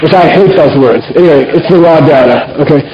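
Man, Buddhist teacher, rambling anecdotal talk, slightly high voice, echoey dull recording. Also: a little fast, noisy background. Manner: rambling storyteller, peppers talk with "you know" and "okay?".

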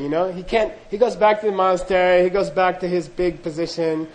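A man's voice: high voice, little pitch movement, a little fast, rough recording. A man telling a teaching story in a chatty, casual way, full of asides and small laughs. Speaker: dharma teacher. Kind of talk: storytelling talk.

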